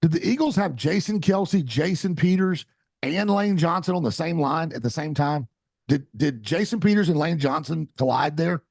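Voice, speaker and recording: A man's voice: a little high, lively intonation, moderate pace, vocal fry, a little mellow, no room sound, studio quality. A man in his forties co-hosting a podcast, chatting bluntly and teasingly about football. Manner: blunt, teasing, trails off and restarts. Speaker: podcast co-host. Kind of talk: casual sports chat.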